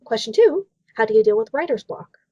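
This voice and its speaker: A woman's voice: on the high side, sing-song, brisk, dark tone, slightly rough, dry recording. A woman co-hosting a casual Q&A chat, reading out reader questions in a giggly, bubbly way. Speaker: illustrator and co-host reading questions. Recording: dull home mic recording.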